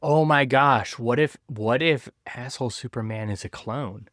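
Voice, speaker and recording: A man's voice: medium pitch, a bit bright, dry recording, studio quality. Give me a playful male podcast co-host in a middle register. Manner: playful, quick to laugh. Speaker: comic book podcast co-host. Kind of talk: casual chat.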